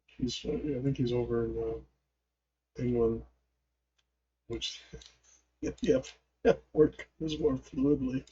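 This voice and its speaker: Mellow-voiced man rambling over gameplay. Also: mid-range voice, slow, pauses often, slightly rough, muffled recording. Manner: rambling, chuckling, trailing off mid-sentence. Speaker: gaming channel host. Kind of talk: casual gameplay commentary.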